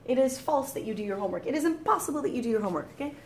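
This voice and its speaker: Quick, chatty woman tutor, mid-range voice, faint hum behind. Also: high voice, lively intonation. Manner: chatty, rambling, laughs easily, acts out quoted thoughts. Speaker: French tutor. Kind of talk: casual video lesson.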